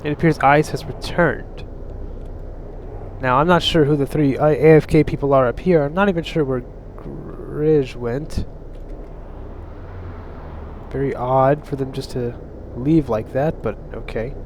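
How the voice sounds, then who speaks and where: A man doing play-by-play commentary for a league race, dry between heats and excitable once racing starts. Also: medium pitch, a little slow, long pauses, slight background noise. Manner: excitable, rises sharply when the race starts; dry and sarcastic between races.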